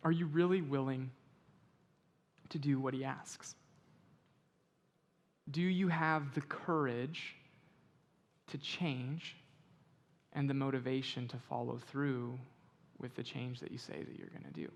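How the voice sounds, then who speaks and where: A man preaching a sermon as pastor, moving from slow, quiet scripture reading to conversational explanation and loud, emphatic stretches. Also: mid-range voice, steady tone, gravelly. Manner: reads scripture slowly and quietly.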